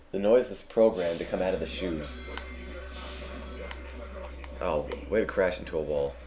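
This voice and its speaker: Low-voiced man rambling over gameplay. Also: a little slow, warm tone, soft background music. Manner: dry, self-mocking rambling jokes. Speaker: marathon stream player. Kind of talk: let's play commentary.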